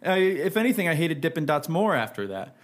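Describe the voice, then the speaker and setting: A man improvising a comic story in a deadpan way, building the absurdity and laughing at himself. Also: on the high side, a little fast.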